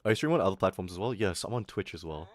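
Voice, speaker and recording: A man's voice: low-pitched, expressive. A young man chatting casually on a live stream, rambling and swearing, laughing often, in his put-on streamer voice. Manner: rambling, profane, quick to laugh.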